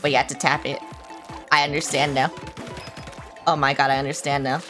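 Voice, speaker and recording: Young woman, low voice, casual game streamer, swears, self-mocking, faint music behind. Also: flat delivery, fairly quick. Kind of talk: casual live-stream chatter.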